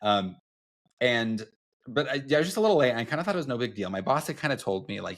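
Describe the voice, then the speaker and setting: A man's voice: medium pitch, lively intonation, quick pace, a bit bright. A young man co-hosting a podcast, telling stories in casual chat with many fillers and restarts. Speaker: podcast co-host.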